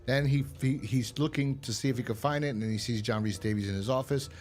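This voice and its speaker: A man's voice: mid-range voice, quick pace, a little mellow, soft background music. A man co-hosting a horror podcast, recapping an episode in a rambling, casual way, swearing now and then. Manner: rambling, full of fillers and profanity. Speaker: podcast co-host.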